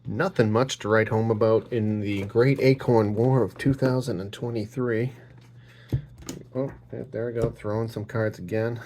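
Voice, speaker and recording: A man's voice: on the low side, steady tone, a little slow, darkish tone, a little hiss or hum. A man chatting casually while sorting trading cards, rambling with jokes and profane rants. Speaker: card-opening channel host.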